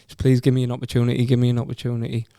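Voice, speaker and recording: Gravelly young Teesside man, earnest. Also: mid-range voice, monotone, rapid-fire, warm tone, no room sound, studio quality. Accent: Teesside English. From Stockton-on-Tees, England. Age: 20s. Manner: repeats words and restarts often, earnest. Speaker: podcast guest. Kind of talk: casual conversational storytelling.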